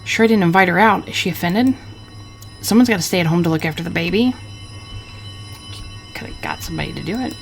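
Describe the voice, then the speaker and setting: A woman voicing a crude, drunken, scheming husband from the 1940s, talking gruffly and cursing. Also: lowish voice, animated, fast talker, long pauses, soft background music. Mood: grumbling. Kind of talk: reading game dialogue aloud.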